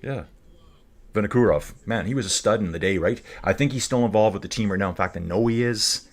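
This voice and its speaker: A man's voice: lowish voice, brisk. A man hosting a live stream, talking casually with rambling, jokey asides. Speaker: cycling stream host.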